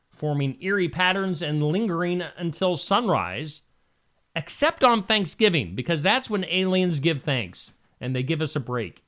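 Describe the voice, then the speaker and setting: A man's voice: a little high, a bit bright. A man hosting a morning show, reading news stories and adding wisecracking, conversational comments between the headlines.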